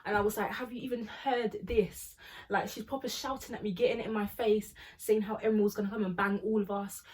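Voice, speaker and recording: A woman's voice: mid-range voice, quick pace, husky. A young woman tells a story casually and animatedly, acting out the people in it. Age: young adult. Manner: animated, acts out quoted people. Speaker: storytime vlogger.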